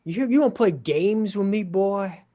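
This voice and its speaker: A man's voice: sits high, expressive, moderate pace, warm tone, pitched above the performer's own voice. A man voicing a stern, impatient male judge who taunts a defendant. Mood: menacing. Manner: menacing, taunting.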